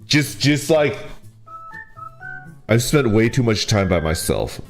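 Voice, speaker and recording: A male streamer with a mid-range voice that swings widely in pitch, telling a story in casual chat. He laughs a lot and keeps tossing in "like" and "right?". Faint music sits behind him. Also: takes it slowly. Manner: animated, laughs often while talking; full of fillers like "like" and "right?". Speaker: VTuber streamer.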